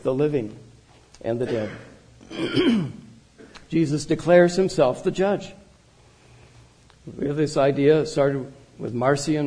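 A man's voice: medium pitch, mellow, slightly rough, rough recording. A man, a pastor, preaching a sermon in an earnest, explanatory way. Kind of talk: sermon with reading aloud.

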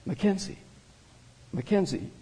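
A man voicing a calm, unrelenting wise woman who speaks in a measured way, without emotion. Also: a little high, husky, low-quality recording. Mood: hushed.

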